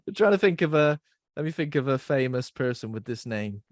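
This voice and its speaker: A young man hosts a podcast in a casual chat, speaking fairly quickly in an expressive, medium-pitched voice with clean studio sound and no echo. He rambles, is self-deprecating, and laughs at his own jokes.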